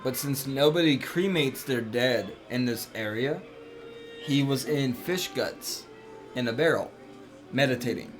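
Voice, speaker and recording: A young man streams a game from home, chatting in a relaxed, rambling way. His voice sits in an ordinary middle pitch. Music plays clearly behind him. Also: unhurried. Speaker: live streamer. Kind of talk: casual chat while gaming.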